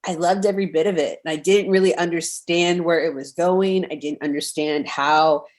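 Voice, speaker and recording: A woman in her thirties, a podcast guest in casual chat, talking in an animated, rambling way with many fillers over a remote call mic. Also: fairly low pitch, normal speed.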